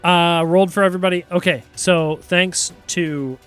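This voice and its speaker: A man's voice: high voice, steady tone, moderate pace, fairly bright tone, clear, resonant tone, soft background music. A man narrating as game master of a tabletop game, playful and often laughing as he describes the action.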